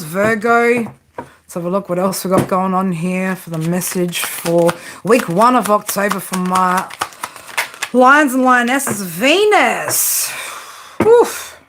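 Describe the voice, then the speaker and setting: A woman's voice: mid-range voice, noisy background. A woman giving a casual live tarot reading, chatting and joking with viewers and swearing freely. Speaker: tarot reader.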